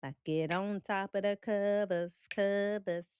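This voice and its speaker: Her voice is medium-pitched and slow, with slight background noise, as she reads comments on her laid-back film and celebrity stream. Animated and blunt, this woman jokes and laughs often, speaking in relaxed, Southern-flavored colloquialisms.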